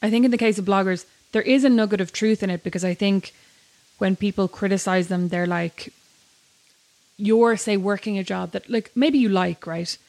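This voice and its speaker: A woman's voice: mid-range voice, normal speed, a little mellow, no room sound. A woman co-hosting a podcast, chatting in a conversational way with frequent fillers. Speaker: podcast co-host. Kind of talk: casual chat.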